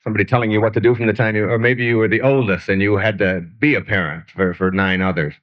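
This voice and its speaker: A man's voice: fairly low pitch, fast, highs cut off. A man giving a motivational lecture, telling stories and asking rhetorical questions. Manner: animated storytelling with rhetorical questions. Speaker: motivational speaker.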